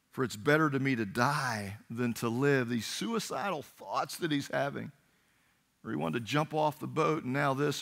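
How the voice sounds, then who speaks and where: A man preaches to his church, retelling a Bible story with lively energy and slipping into the voices of its characters. His voice sits in a middle pitch and has a gravelly edge. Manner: animated storytelling, acting out voices of biblical characters. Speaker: pastor. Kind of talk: sermon.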